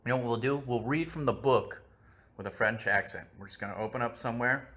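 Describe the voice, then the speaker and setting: A man chatting casually on a live stream about books, with a lowish voice and a bright, forward tone. He rambles along, full of filler words and jokes at his own expense. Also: fairly quick. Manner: rambling, filler-heavy, self-mocking. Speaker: live-stream book show host.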